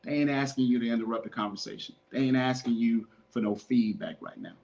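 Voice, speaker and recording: A man's voice: mid-range voice, fast talker, creaky, darkish tone, lo-fi sound. A man hosting a podcast, giving earnest, repetitive relationship advice in a casual, preachy way and calling his listeners "man". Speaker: podcast host.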